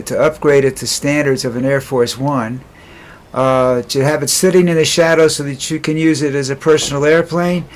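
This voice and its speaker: Rambling, sarcastic man vlogging opinions. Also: mid-range voice. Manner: sarcastic and scornful, halting with many restarts. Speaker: political commentary vlogger. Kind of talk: casual rambling political commentary.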